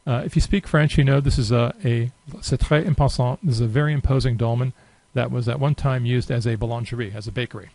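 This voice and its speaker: A man giving a relaxed, unscripted screen-recorded software tutorial, thinking aloud with many fillers. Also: medium pitch, fast, vocal fry, hardly any pauses, no room sound, low-quality recording. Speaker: software demonstrator.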